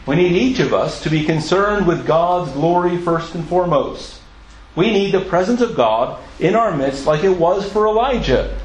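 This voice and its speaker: A man's voice: a little high, echoey room, poor audio. A man preaching a sermon in an earnest, emphatic way, asking his listeners questions and sometimes stumbling over and repeating words.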